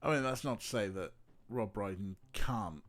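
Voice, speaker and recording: Male streamer, casual let's-play chatter, rambling, lowish voice. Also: normal speed, a bit bright. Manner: rambling, filler-heavy musing.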